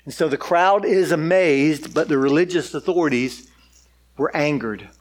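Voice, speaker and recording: A high-voiced male pastor delivering a sermon. He reads scripture aloud and then explains it in a loose, conversational way, often saying "like.". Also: normal speed. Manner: casual, conversational, frequent "like". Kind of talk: sermon with Bible reading.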